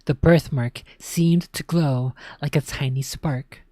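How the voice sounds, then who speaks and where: A woman reads a spooky children's tale aloud in a low voice, dramatic and often sinking to a hush. The sound is close and dry, with no room around it. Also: fairly even intonation, slow, no room sound. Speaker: storyteller. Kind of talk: scripted narration of a spooky children's book.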